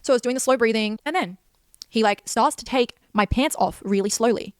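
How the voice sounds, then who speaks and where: A woman's voice: on the high side, brisk, smooth, dry recording. A young woman giving an intense, emotional personal account with heavy swearing. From Australia. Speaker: creator telling her story in a clip.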